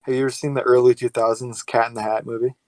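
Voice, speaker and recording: A young man co-hosting a casual podcast, joking in a deadpan way. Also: mid-range voice, quick pace, dry recording. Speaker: podcast co-host. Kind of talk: casual chat.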